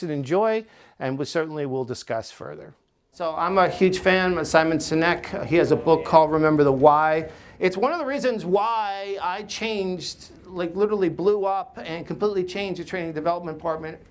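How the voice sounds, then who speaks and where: Emphatic man coaching a workshop. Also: fairly high pitch. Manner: animated, emphatic storytelling with many fillers and tag questions. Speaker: podcast host and workplace coach. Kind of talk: podcast intro and recorded workshop talk.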